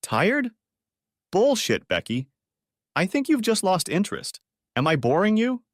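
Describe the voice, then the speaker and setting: A man's voice: mid-range voice, sing-song, brisk, dry recording, clean studio sound, pitched above the performer's own voice, lightly acted. A man playing a suspicious husband who questions his wife in a sarcastic, exasperated way. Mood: angry.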